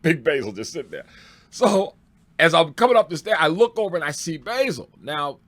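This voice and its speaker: A man, a stand-up comedian, telling road stories in a loose, excitable way, laughing and swearing as he goes. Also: fairly high pitch, brisk. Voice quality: excitable, swears freely, laughs through punchlines. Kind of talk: animated storytelling.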